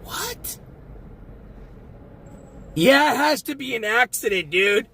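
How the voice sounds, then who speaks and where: This man talks to viewers on a live stream from his car as he drives, rambling and cursing freely. He has a high-pitched, expressive voice that sounds pushed and bright, speaking slowly with long pauses. There's no echo.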